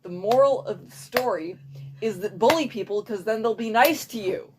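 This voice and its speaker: A woman's voice: a little high, moderate pace. A woman wrapping up a silly story for a storytelling game, blunt and casual. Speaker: storyteller in a narrative telephone game. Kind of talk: improvised comic storytelling. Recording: noisy recording with clicks.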